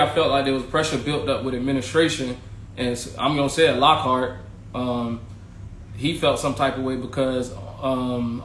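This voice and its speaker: A man's voice: mid-range voice, fairly bright tone, slight background noise. A man hosting a podcast, casually telling his own story, candid and slangy, swearing freely and talking straight to his viewers. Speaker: podcast host, former teacher. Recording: echoey room with faint ambience.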